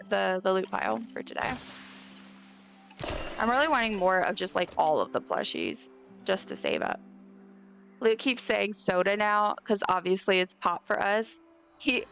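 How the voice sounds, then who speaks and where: A woman's voice: mid-range voice, creaky, fairly bright tone, smooth. Rambling woman streamer. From Southern United States. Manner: rambling, chatty, full of fillers and restarts. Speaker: game streamer. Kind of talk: casual live-stream chat while gaming.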